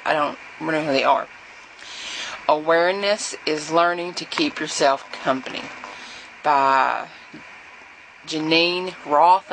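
A woman's voice: low-pitched, a bit bright, slight background noise, low-quality recording. A woman, chatting casually to camera in a rambling way, with fillers and restarts. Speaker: vlogger.

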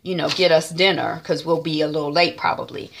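A woman voicing a curt, aloof male boss, with terse, flat talk. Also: sits low, brisk, vocal fry, slight background noise.

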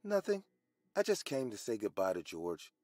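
A calm, secretive little girl in an animated horror tale, as a man pitches his low, husky voice up for her. She speaks softly and haltingly, with a lively rise and fall. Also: no echo, faint music behind.

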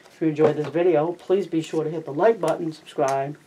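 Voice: medium pitch, steady tone, brisk, mellow, recorded from a distance, a little hiss or hum, poor audio. A plain narrator reads a novel aloud for a study guide. Now and then they stop to give short remarks of their own. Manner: plain reading with brief remarks. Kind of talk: reading aloud with personal asides.

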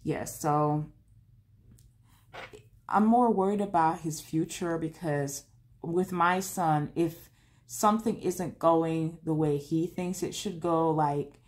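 A woman's voice: sits low, slow pace, a little mellow. A woman hosting a home vlog, chatting casually and candidly while she crafts, rambling and talking to herself as she works. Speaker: vlog host.

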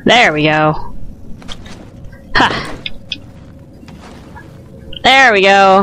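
A woman's voice: mid-range voice, sing-song, very slow, pauses often, bright, forceful tone, slight background noise. A woman narrating her video game play in a giggly, exclamatory way. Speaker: gamer. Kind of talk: let's play commentary.

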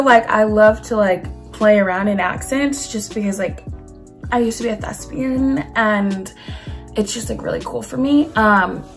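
A young woman in her twenties hosting her own podcast, talking casually to camera in a chatty, animated way with lots of fillers. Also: medium pitch. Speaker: podcast host. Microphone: camera mic.

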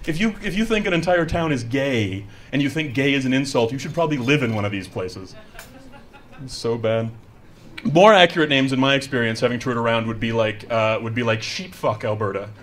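A man with a mid-range, fairly bright voice does a stand-up comedy set live, speaking a little fast and expressively into a handheld mic over slight background noise. He's chatty and self-mocking, putting on voices for the lines he quotes.

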